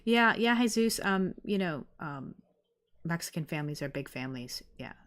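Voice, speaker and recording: Woman, middle-aged, low-pitched, rambling live-stream chat, lots of fillers. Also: lively intonation, moderate pace, a bit bright. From United States. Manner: chatty, rambling, many fillers and restarts. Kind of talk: casual live-stream chat reading viewer comments.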